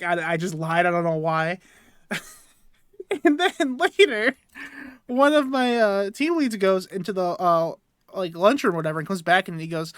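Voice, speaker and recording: A man's voice: sits high, normal speed, fairly bright tone, clear, resonant tone, no room sound, studio quality. A young man co-hosting a podcast, telling a rambling story about himself while laughing between sentences. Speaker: podcast co-host. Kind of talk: casual storytelling chat.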